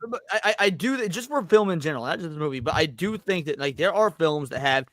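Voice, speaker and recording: A man's voice: fairly high pitch, expressive, quick pace, fairly bright tone, no room sound. A man on a panel who argues a contrarian opinion in casual debate. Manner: argumentative, contrarian.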